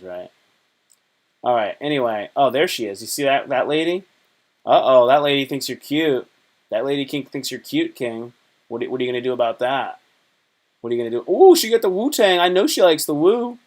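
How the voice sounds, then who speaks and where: Guy rambling on his livestream, mid pitch, slangy, jokey, reading tweets out loud. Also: normal speed. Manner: slangy, rambling, reads tweets aloud and jokes. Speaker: livestream host. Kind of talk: casual chat.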